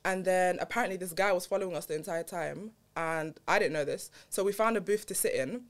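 A woman's voice: lowish voice, a little fast. A young woman from Manchester, telling stories in an easygoing, self-deprecating way in a casual podcast chat. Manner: easygoing storyteller, self-deprecating, laughs often. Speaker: podcast co-host.

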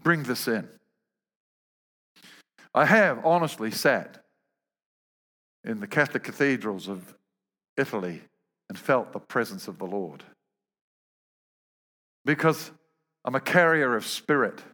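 A man's voice: medium pitch, expressive, slow pace, pauses often, bright, forceful tone, long reverb tail. A man preaching a sermon, telling humorous stories and often repeating words as he goes.

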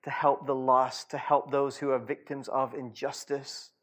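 A man's voice: mid-range voice, level tone, unhurried, fairly bright tone, close to an everyday voice. A man voicing a brave young queen, speaking earnestly and urgently for her people.

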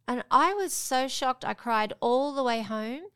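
A woman's voice: fairly high pitch, a little slow, clear, resonant tone. A middle-aged mother, telling family stories in a casual chat on a podcast. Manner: animated storytelling, acting out her daughter's voice. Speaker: guest mum.

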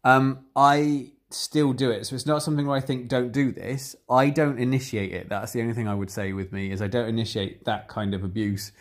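Man, casual podcast chat, candid, rambling, mid-pitched voice. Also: brisk, few pauses. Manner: candid, rambling, animated when retelling exchanges.

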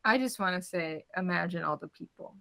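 A woman co-hosting a casual chat, retelling movie scenes and popping into quick character voices. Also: fairly low pitch, vocal fry, sharp tone. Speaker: podcast co-host.

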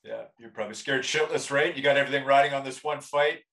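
An easygoing male podcast host trades short reactions and questions with his guest. His voice sits at a middle pitch, and there is a roomy echo around it. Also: steady tone, fast talker, fairly bright tone, a little hiss or hum. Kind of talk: casual interview.

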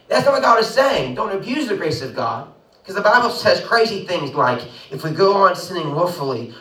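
A man's voice: high voice, bright, forceful tone, roomy sound, recorded from a distance, low-quality recording. A man preaching a sermon with emphatic delivery, acting out the voices he quotes. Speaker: pastor.

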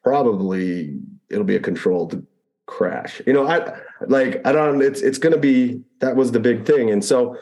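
A man's voice: mid-range voice, moderate pace. A man who flew Apache helicopters, telling a combat story in a conversational interview, acting out radio calls and often restarting phrases. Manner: animated retelling, acts out radio calls, frequent restarts.

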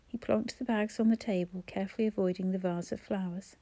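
A woman narrating an audiobook in an even, measured storytelling manner on a close mic. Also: mid-range voice, no echo. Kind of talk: scripted narration.

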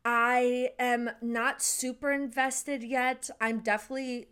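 A young woman with a slightly high voice co-hosts a relaxed podcast chat. She talks in a giggly, animated way and lets casual swears slip. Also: takes it slowly, smooth. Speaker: podcast co-host.

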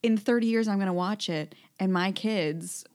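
A woman guesting on a podcast, playful and quick to protest in casual banter. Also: medium pitch, a little mellow. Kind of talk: casual comedic chat.

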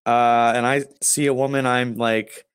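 A young man co-hosting a podcast, joking in a deadpan, absurd way during casual chat. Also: medium pitch, unhurried, smooth, dry recording, studio quality. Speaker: podcast co-host.

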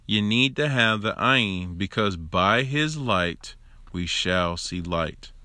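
A man's voice: on the low side, lively intonation, slow pace, bright, forceful tone, no echo. A man giving an informal Torah teaching alone into his own recording device, conversational and emphatic, with joking asides. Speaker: religious teacher.

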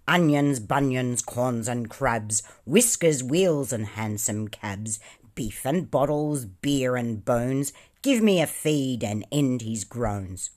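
A woman voicing a rude, bossy male magic pudding with a gruff, shouting manner. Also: rumbling low, lively intonation, moderate pace.

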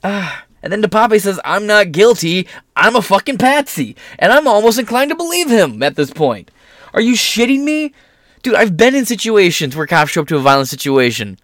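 Young man, vlog commentary, sarcastic, profane, slightly high voice, dry close sound. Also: big pitch swings, a little fast, fairly bright tone, dry recording. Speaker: political commentator.

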